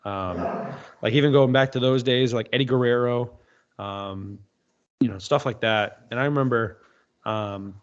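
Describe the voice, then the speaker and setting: A man's voice: mid-range voice, a little slow, dull audio. A man in casual podcast chat, telling loose stories and swearing often. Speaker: podcast guest.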